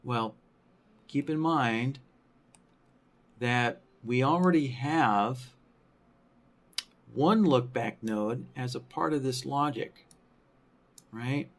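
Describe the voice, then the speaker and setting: A man teaching trading software in a screen-recorded tutorial, thinking aloud with many fillers and a habitual "right?" after his points. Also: mid-range voice, very slow, long pauses. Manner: thinking aloud, frequent tag question "right?"; many fillers like "you know" and "um".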